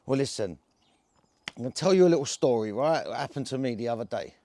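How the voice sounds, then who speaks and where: A man's voice: mid-range voice, animated, fast, warm tone. A man with an Essex accent, telling a story to camera in a casual, rambling way, full of slang and restarts. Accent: Essex English. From England. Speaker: cannabis vlogger.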